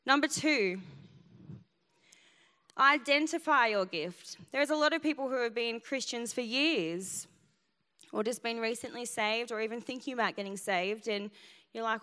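A woman's voice: a little high, unhurried, bright, forceful tone, clear, resonant tone. A woman pastor preaching a sermon, telling a personal story in an emphatic way. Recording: long hall reverb.

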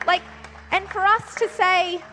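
A woman with a high voice gives a bubbly, chatty sermon into a handheld mic, her fillers tumbling out as she talks. Her words ring through a large church hall with a long reverb tail. Soft music sits faintly underneath. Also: unhurried. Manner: excitable, chatty, full of fillers like "like" and "you know". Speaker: church speaker leading the giving talk. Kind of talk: enthusiastic conversational sermon. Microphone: handheld microphone.

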